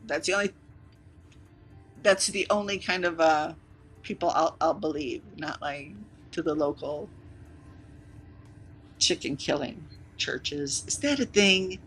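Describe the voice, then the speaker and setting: A live streamer chatting casually with viewers, rambling and teasing, with sudden loud bursts and quick whispered asides. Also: medium pitch, slightly rough, soft background music, poor audio.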